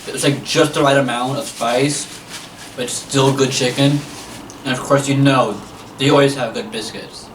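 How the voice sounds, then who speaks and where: A man co-hosting a casual fast food review, talking in an easygoing way with lots of fillers. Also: mid-range voice, steady tone. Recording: echoey room, distant mic, faint noise.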